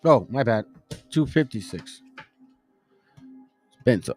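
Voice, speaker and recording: A man's voice: medium pitch, lively intonation, slow pace, a little mellow, faint music behind. A man hosting a casual livestream chat, talking informally as he pages through a book and insists he is telling the truth. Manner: informal, conversational, insisting he is not lying. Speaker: host showing a book page by page.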